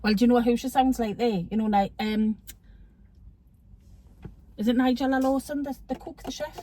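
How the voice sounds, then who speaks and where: A woman's voice: a little high, steady tone, normal speed, dark tone, dry recording. A woman in her fifties with a Geordie accent, chatting casually and teasing her daughter in a blunt, jokey way. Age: 50s. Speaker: guest, host's mother. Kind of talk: casual chat.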